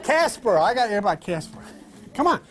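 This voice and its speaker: Animated man giving an informal sermon. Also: sits high, fairly quick, a faint crowd. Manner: lively, conversational, acts out quoted voices. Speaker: spiritual teacher. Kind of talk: informal sermon to a live audience. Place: room with live audience.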